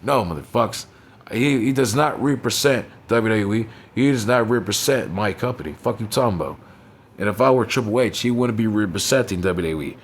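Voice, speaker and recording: A man's voice: on the low side, animated, brisk. A young man giving a blunt, profanity-heavy recap of a wrestling show, often tossing in "you know what I'm saying". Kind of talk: casual profane recap commentary.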